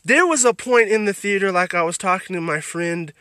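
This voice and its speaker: A man's voice: high voice, a little fast, bright, forceful tone, dry recording. Guy ranting on his podcast, swears a lot, dry close mic sound. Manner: blunt, heavy swearing, emphatic, with restarts. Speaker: podcast host reviewing films. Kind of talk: profane ranting film review.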